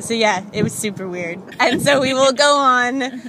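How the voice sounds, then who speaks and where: A woman's voice: fairly high pitch, normal speed, noisy background. A young woman telling a funny personal story in a chatty, self-deprecating way, full of "like" fillers. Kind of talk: casual comic storytelling.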